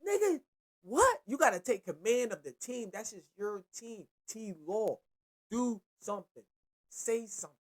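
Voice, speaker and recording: A young man hosting his own sports commentary show. He rants loosely and keeps repeating himself, and his talk is full of slang and swearing. He often jumps between low mutters and loud, high outbursts. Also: moderate pace. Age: young adult. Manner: animated, profane and repetitive, slangy. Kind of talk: casual sports commentary rant.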